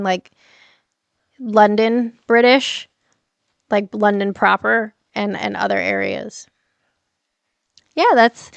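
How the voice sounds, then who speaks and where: Chatty middle-aged woman, creaky voice. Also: medium pitch, fairly bright tone, dry recording. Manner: chatty, swears freely, laughs often, answers viewer comments. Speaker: livestream host. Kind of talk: casual livestream chat.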